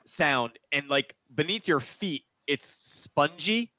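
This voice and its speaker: A man running a tabletop game over a video call, narrating in a halting way with many restarts. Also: a little high, expressive, bright, forceful tone, no room sound. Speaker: game master. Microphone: video call mic.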